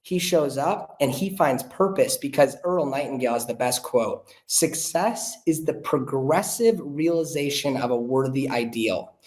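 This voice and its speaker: A young man, a podcast guest, telling a story in an earnest, animated way and acting out the voices of the people he quotes. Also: medium pitch. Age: young adult. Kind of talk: casual storytelling chat. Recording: roomy echo.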